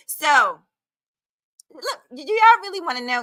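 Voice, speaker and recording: A woman's voice: mid-range voice, normal speed, pushed and bright, no room sound, poor audio. A woman in her forties hosting a casual livestream commentary, chatty and calling her viewers honey. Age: 40s.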